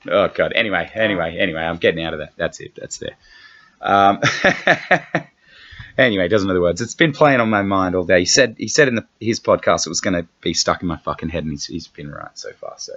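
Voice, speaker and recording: Australian male comic host, low-pitched, loose profane patter, dull recording. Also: a little fast, fairly bright tone. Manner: rambling, profane, self-mocking. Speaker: comedian podcast host. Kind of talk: casual comedic chat. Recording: dull lo-fi podcast audio.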